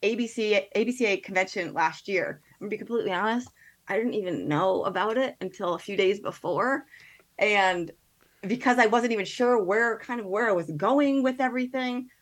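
Give me a chatty woman podcast guest telling a story with quick asides. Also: mid-range voice. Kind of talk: casual chat.

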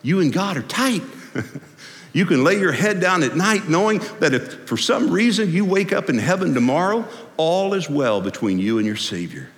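Man, pastor, sermon, folksy, lively pitch, long hall reverb. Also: moderate pace. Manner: animated and folksy, swinging from loud to hushed. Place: church sanctuary.

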